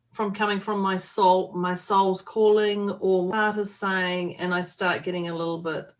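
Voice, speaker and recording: A woman co-hosting a podcast in casual chat, playful and laughing often, with a snorting laugh. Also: mid-range voice. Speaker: podcast co-host.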